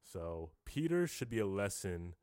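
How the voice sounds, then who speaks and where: A man co-hosting a podcast in casual chat, animated and laughing easily as he reflects on scripture. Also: low voice, unhurried, smooth, no echo, clean studio sound. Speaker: podcast co-host.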